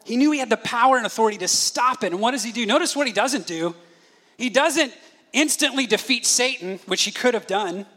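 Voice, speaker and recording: A man in his thirties preaching a sermon as a pastor, telling stories with lively delivery and briefly acting out the voices of his children. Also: extremely high pitch, a little fast. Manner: animated storytelling, acts out voices of his children.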